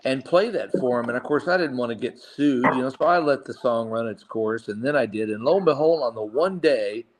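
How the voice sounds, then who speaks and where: A man's voice: mid-range voice, a little fast, few pauses, background noise. A middle-aged man, a voice actor guest, telling long casual anecdotes with many restarts and asides. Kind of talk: casual storytelling interview.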